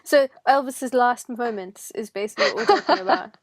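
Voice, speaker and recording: A woman with a fairly high voice hosts a casual chat, joking and teasing with quick interjections. Her voice is recorded close and dry, with no room sound. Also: sing-song, no room sound.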